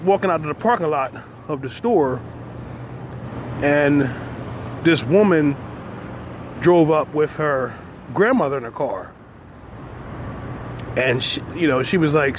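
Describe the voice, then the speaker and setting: A man's voice: on the high side, slow pace, pauses often. Man vlogging loosely on a busy street. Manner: loose, conversational, sprinkled with "man" and "you know". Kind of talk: casual walking vlog. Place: city street outdoors. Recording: noisy outdoor street audio. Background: street traffic.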